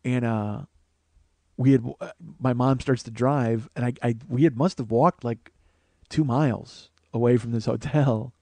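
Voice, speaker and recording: A man's voice: medium pitch, measured pace, no room sound. A man in his forties recounts a childhood memory on his podcast in loose, profane conversational speech. His voice sits in a mid range, close to the mic in a dry, dead room. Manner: profane, conversational, animated quotes. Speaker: podcast host, comedian. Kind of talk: personal storytelling.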